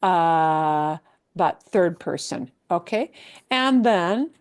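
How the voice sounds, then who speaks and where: A woman leads a Spanish lesson at an unhurried pace. She explains each point patiently, checks often that her students follow, and mixes English with Spanish examples. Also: medium pitch, animated, a little hiss or hum. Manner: slow, patient explaining with many checks like "right?". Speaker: Spanish teacher. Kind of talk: live language lesson.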